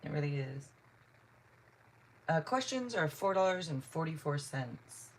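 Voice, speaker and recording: A woman's voice: sits low, lively intonation, unhurried. A woman from Seattle, a tarot reader on a live stream, chatting casually and answering viewers' comments one by one. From Seattle, Washington. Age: adult.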